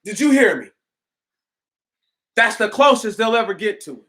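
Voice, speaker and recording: A man's voice: sits high, lively intonation, moderate pace, sharp tone. A man ranting on a casual livestream, emphatic and repetitive, with frequent restarts and rhetorical questions. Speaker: livestream host.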